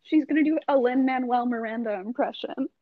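A young woman co-hosting a casual book-club podcast, teasing her friends and reading passages aloud briskly. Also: a little high, dry recording, phone-quality sound. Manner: playful, reads quoted passages aloud briskly. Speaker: podcast co-host.

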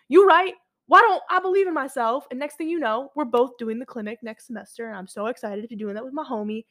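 A woman's voice: a little high, fairly bright tone. A woman in her twenties, a college student talking through her year in a casual, rambling monologue full of fillers and self-corrections.

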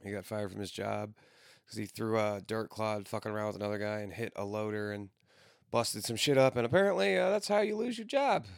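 A man's voice: on the low side, brisk, gravelly, no echo, studio quality. A man in his thirties rambling through casual, profane stories with frequent restarts. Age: 30s.

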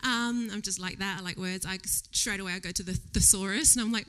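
A woman giving a casual church sermon. She tells a personal story in a chatty, animated way, laughs often and drops to a whisper for quoted thoughts. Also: mid-range voice, brisk. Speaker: lay preacher. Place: church service before a congregation.

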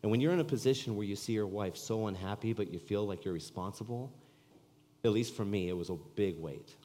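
A man's voice: fairly low pitch, a little fast, warm tone. A male pastor from California preaching a sermon in an earnest, conversational storytelling way, in a church sanctuary. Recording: long reverb of a church hall.

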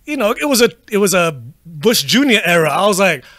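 A man co-hosting a casual film chat, animated and swearing freely as he acts out reactions. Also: high-pitched, brisk, no echo, clean studio sound.

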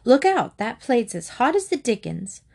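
A woman doing a brisk, fed-up mother. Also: a little high, big pitch swings, vocal fry, voice pushed up, exaggerated voice. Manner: sharp and hurried. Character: brisk, exasperated mother of several children.

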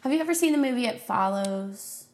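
A woman's voice: on the high side, lively intonation, fairly quick, darkish tone. A young woman hosting a podcast, chatting casually and rambling with lots of "like"s. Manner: rambling, filler-heavy with many "like"s. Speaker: podcast host.

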